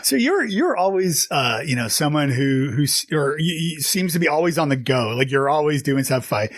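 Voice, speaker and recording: A man's voice: fairly high pitch, expressive, normal speed, no echo. A man hosting a podcast interview, chatty and loose with many fillers. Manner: warm, chatty, lots of fillers. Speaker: podcast host. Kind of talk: interview conversation.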